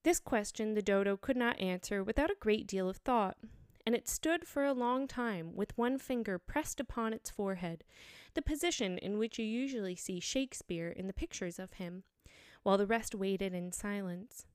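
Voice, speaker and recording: A woman narrating a storybook aloud in a measured, expressive reading. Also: mid-range voice, clean tone, no echo, studio quality.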